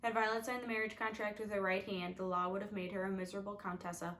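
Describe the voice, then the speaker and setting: A woman's voice: mid-range voice, level tone, fast, fairly bright tone, poor audio. A woman narrating a storybook with wry, confiding asides to the reader. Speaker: audiobook reader.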